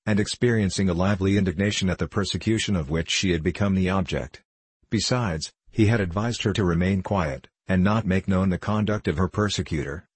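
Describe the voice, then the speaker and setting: Deep, husky male audiobook narrator. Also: no echo. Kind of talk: scripted narration of a classic novel.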